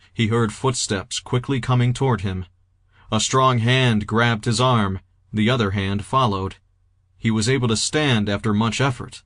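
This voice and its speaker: A man reading a novel aloud in a steady, even audiobook narration. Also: on the low side, no echo, clean studio sound. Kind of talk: scripted narration.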